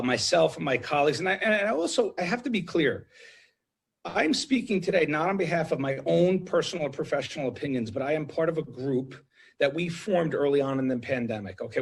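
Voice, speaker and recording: Urgent husky-voiced male doctor. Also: on the high side. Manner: urgent, repeats phrases, many restarts. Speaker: ICU doctor guest. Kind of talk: emotional TV interview answers.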